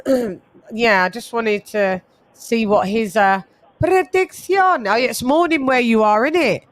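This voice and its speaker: A woman's voice: fairly high pitch, a little slow. A woman hosting a casual boxing livestream, chatting with guests and greeting viewers from the chat. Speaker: host.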